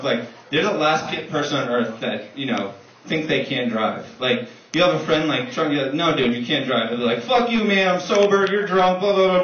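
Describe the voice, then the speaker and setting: A young man works a comedy club stage with a fairly high voice, swearing freely and racing through animated stories. The recording is muffled and roomy, caught from far off, with a constant noise bed and audience laughter. It sounds like a dull, distant live capture. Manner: profane, animated, fast storytelling. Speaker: stand-up comedian. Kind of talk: stand-up comedy set.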